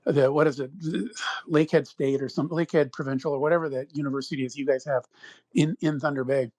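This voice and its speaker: A middle-aged man from Minnesota, USA, co-hosts a podcast and tells a long, rambling personal story, acting out quoted voices in casual anecdotal style. His voice is a little high, fairly even in intonation, quick and darkish, with no room sound.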